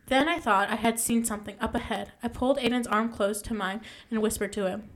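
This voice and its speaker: A woman's voice: on the high side, a little fast. A young woman casually reading a ghost story aloud, stumbling and correcting herself as she goes.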